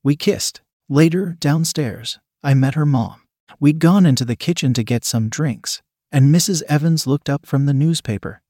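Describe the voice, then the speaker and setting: A man narrating a first-person story in a quiet, even reading voice. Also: a little high, normal speed, dry recording, clean studio sound.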